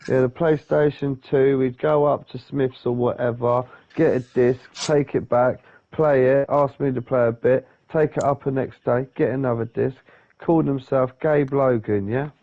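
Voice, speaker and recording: A man's voice: mid-range voice, steady tone, normal speed. A young man telling a rambling story in casual chat, swearing often. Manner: swears a lot, rambles with restarts. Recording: dull lo-fi sound.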